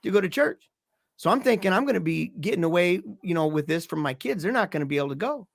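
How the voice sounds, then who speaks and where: Man, podcast guest, casual storytelling, acts out voices, slightly high voice, dry close sound. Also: fast, creaky, dry recording. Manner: animated, acts out the voices in his stories.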